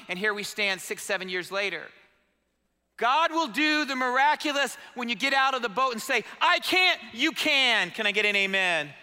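Fervent high-voiced male preacher. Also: pushed and bright. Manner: fervent call-and-response preaching. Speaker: pastor. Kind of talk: sermon. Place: church sanctuary. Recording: long hall reverb.

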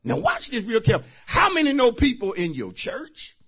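A man preaching a sermon as pastor, emphatic and talking straight to his congregation, bursting into shouts. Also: extremely high pitch, huge pitch swings, normal speed. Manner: talks directly to the congregation.

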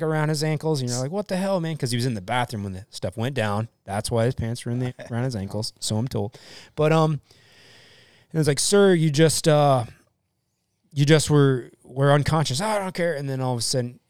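A man's voice: mid-range voice, clean tone, no room sound, studio quality. A young adult man, a firefighter and EMT, telling stories casually on a podcast, swearing freely and acting out what people said. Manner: profane, animated, acts out quotes.

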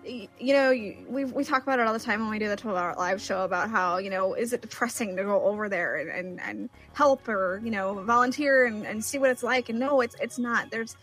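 A woman's voice: medium pitch, a little fast, hardly any pauses, a bit bright, faint music behind. Earnest, encouraging woman on a podcast. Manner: earnest and encouraging, stammers at restarts. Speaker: podcast co-host. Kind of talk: casual podcast chat.

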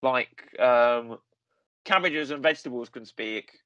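A man's voice: medium pitch, slow pace, pushed and bright, smooth, dry recording, muffled recording. A man co-hosts a casual film chat, his thoughts wandering through ums and half-started sentences. His voice sits in the middle range for a man. The recording is dry and close. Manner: rambling, lots of ums and restarts. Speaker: podcast co-host.

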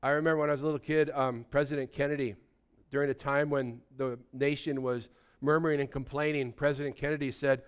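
Smooth-voiced pastor in his sixties. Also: mid-range voice, flat delivery, fast. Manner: conversational storytelling, checks in with the audience. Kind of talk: sermon.

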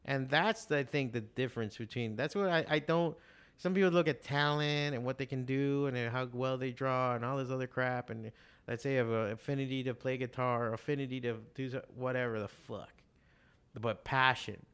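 A man's voice: mid-range voice, moderate pace, clear, resonant tone. A middle-aged man who runs an art shop, talking casually and profanely about passion and drawing. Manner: profane, animated storyteller. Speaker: comic artist and shop owner. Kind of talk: casual podcast chat.

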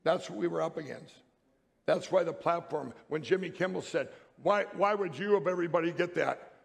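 A man's voice: on the high side, brisk, creaky. A man giving a speech to an audience, telling a rambling, emphatic story with many restarts. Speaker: public speaker. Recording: long hall reverb.

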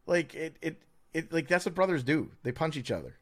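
A man's voice: a little high, animated, fairly quick. Sardonic, rambling American man. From United States. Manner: rambling, stammering restarts, sardonic. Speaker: podcast co-host. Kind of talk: casual opinionated chat.

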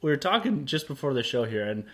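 A man's voice: mid-range voice, very animated, quick pace. Laid-back male podcast co-host. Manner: laid-back, chatty, laughs easily. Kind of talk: casual chat.

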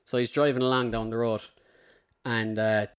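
A man's voice: mid-range voice, little pitch movement, normal speed, clear, resonant tone. Man, Irish accent, podcast host, casual storyteller, rambling, voices the people in his story. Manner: rambling storyteller, slips into character quotes. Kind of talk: casual anecdote telling.

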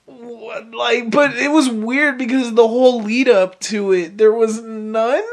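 A man's voice: extremely high pitch, steady tone, a little slow. A man co-hosting a casual podcast chat about a movie, rambling with lots of fillers and the odd swear word.

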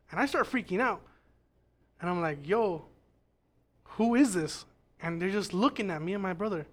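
A man's voice: high-pitched, fairly bright tone. A man telling a ghost story in casual, rambling podcast chat, swearing often and restarting his sentences. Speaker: podcast guest.

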